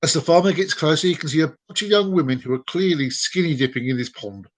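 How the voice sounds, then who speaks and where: A man's voice: a little high, quick pace. A man hosting a live stream, telling jokes with chatty asides and laughing along. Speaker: host. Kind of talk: joke telling.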